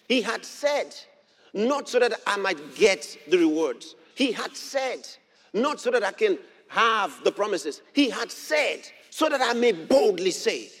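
A man preaching a sermon as pastor, emphatic and building to shouts. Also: sits high. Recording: long hall reverb.

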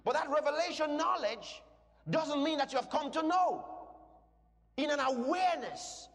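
Male preacher, high and lively voice, emphatic sermon with shouted peaks, long hall reverb. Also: moderate pace. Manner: emphatic, swings from quiet teaching to shouted declarations; asks the congregation questions.

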